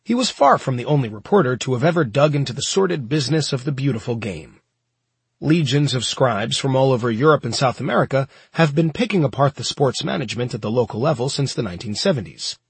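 A man reading a nonfiction book aloud in a steady, measured storytelling manner. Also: medium pitch, slightly rough, no room sound. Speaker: audiobook narrator. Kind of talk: scripted nonfiction audiobook narration.

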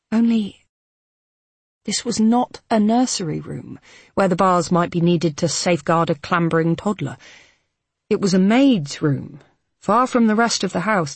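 An audiobook narrator reading a novel in a measured, even manner. The voice has a husky edge and is recorded dry and close, with no room sound. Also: mid-range voice, no echo. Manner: measured, even storytelling delivery.

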